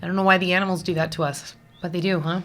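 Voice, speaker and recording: Woman tarot reader, low-ish voice with a bright edge; chatty, digressive, emotional, reading casually to viewers. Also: level tone, very fast, faint music behind. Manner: chatty, rambling, digressive with many fillers; emotional, easily moved.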